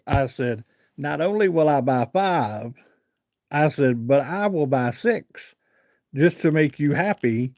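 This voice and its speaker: A man's voice: medium pitch, a little slow, a little mellow, dry recording. Chatty man telling a story to his live chat, dry close sound. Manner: chatty, rambling with fillers and repeated "I said". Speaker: livestream host.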